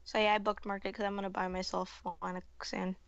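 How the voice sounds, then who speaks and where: Young female co-host, chatty and relaxed, slightly muffled mic. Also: medium pitch, fairly quick. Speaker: podcast co-host. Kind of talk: casual chat.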